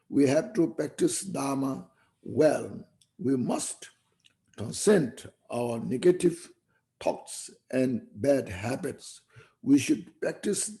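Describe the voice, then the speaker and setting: A male Buddhist teacher delivers a Dharma talk at a slow, deliberate pace. His voice has a gravelly, creaky edge. He speaks reflectively and keeps tagging his points with "you see" and "you know.". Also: on the high side, dark tone.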